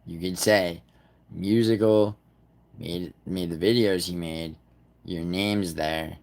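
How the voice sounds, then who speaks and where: A man's voice: sits low, fairly even intonation, slow pace, darkish tone. A man hosting a livestream in a rambling, profane way, talking straight to his chat. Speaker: livestream host. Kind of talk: casual livestream chat with viewers.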